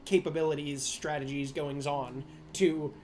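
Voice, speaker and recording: A man's voice: on the high side, little pitch movement, unhurried, a little mellow, soft background music, close to an everyday voice. A man voicing a suspicious, guarded gnome man with an Australian or New Zealand accent, speaking warily and evasively.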